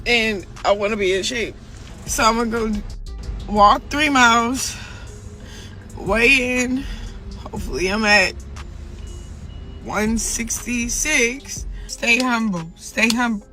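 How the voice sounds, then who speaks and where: A woman's voice: on the high side, slow, pauses often, sharp tone, soft background music, rough recording. A young woman recording herself while crying, talking to herself in a rambling pep talk. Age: young adult. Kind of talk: self-recorded emotional vlog.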